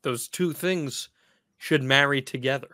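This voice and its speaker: A man's voice: mid-range voice, moderate pace, bright, forceful tone, dry recording. Podcast cohost guy, fan energy, laughs easy, dry mic. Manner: enthusiastic fan, asks questions, laughs easily. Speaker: podcast co-host. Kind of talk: casual chat.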